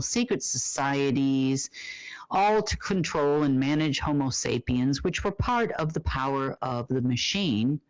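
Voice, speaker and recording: Solo report host: emphatic, self-answering questions, fillers; mid-pitched, dry and dull-sounding recording. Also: no echo. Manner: asks rhetorical questions and answers them himself. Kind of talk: monologue report.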